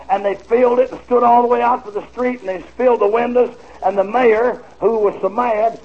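A man preaching, telling a story in a folksy, animated way on a dull, old recording with faint hiss. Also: very high-pitched. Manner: folksy, animated storytelling with laughter and drawled asides. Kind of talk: storytelling sermon.

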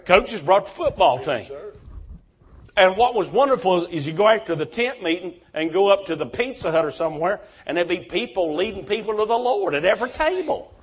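Fervent high-voiced male preacher. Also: lively intonation, a little fast, slightly rough. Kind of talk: revival sermon.

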